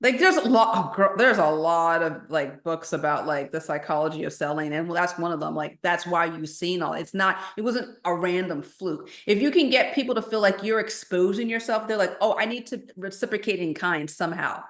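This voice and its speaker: A woman's voice: lowish voice, moderate pace, few pauses, fairly bright tone. A woman who is a coach and a podcast guest, talking frankly and emphatically with slang and restarts. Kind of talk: casual podcast conversation. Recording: echoey room.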